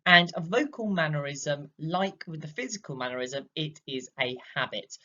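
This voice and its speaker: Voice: medium pitch, expressive, normal speed, sharp tone. Drama teacher explaining, muffled recording. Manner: explains patiently with many fillers, acting out examples. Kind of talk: recorded classroom lesson.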